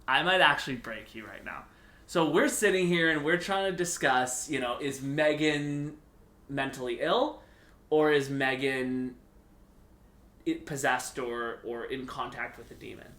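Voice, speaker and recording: A young man co-hosting a podcast in casual chat, getting excited and rising in pitch when he makes a point. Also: measured pace, reverberant. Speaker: podcast co-host.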